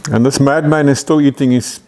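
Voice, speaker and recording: A man's voice: mid-range voice, steady tone, a little fast, warm tone. Man, South African accent, casual vlog host, upbeat, chatty. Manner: chatty and upbeat, laughs often, tags lines with "eh". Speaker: vlog host restoring an old truck.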